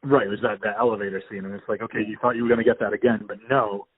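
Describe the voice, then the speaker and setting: A man's voice: fairly low pitch, fairly even intonation, rapid-fire, slightly rough. A man hosting a podcast, chatting casually and enthusiastically over the phone, rambling with restarts. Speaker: podcast host. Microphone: phone call. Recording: tinny phone line.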